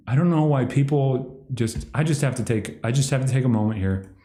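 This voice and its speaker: A man's voice: medium pitch, brisk, mellow. A man giving rambling solo commentary on a livestream, sardonic and mocking, sometimes slipping into exaggerated impressions. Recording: echoey room.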